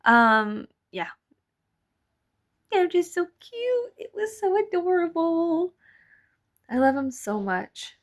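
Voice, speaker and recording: A woman's voice: extremely high pitch, big pitch swings, slow pace, long pauses. A young adult woman narrating a casual vlog voice-over, rambling, laughing often and swearing offhandedly. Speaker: vlogger. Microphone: voice-over mic.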